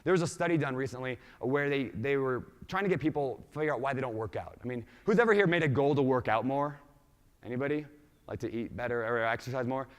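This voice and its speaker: In a big, echoing conference hall, a male speaker delivers a lively keynote and quizzes the crowd. His voice sits in the mid range, he speaks quickly, and his accent is a mix of Minnesota, Washington and Hawaii.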